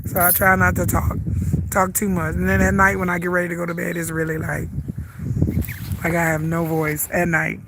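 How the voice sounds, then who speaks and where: Walking outdoors at a lake park, a middle-aged vlogger with a Southern US accent streams live, rambling and chatty despite being hoarse and stuffed up with the flu. Her voice is fairly low and monotone at a moderate pace, and she laughs a lot amid background noise.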